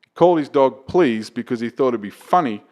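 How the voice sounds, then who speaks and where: Man telling a loud, profane story. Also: medium pitch, brisk. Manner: profane, builds to loud excited retelling. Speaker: comedian guest. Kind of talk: casual podcast storytelling.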